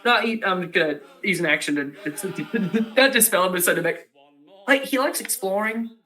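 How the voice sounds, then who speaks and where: A man's voice: high voice, normal speed, pushed and bright. A man playing a tabletop role-playing game, in character, rambling and hesitant with lots of fillers.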